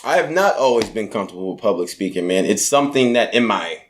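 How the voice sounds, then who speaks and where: A man being interviewed, telling personal stories in an energetic, heartfelt way, with a mild stutter and plenty of "like" and "essentially". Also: lowish voice, fast talker, a little hiss or hum. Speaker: guest entrepreneur. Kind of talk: casual conversational interview.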